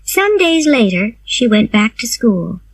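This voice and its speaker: A woman narrates a learner's storybook at a slow, deliberate pace, her fairly high voice rising and falling expressively. She speaks clearly and carefully, and the recording is close and dry. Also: very animated, no room sound, poor audio. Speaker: reader. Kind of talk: graded reader narration.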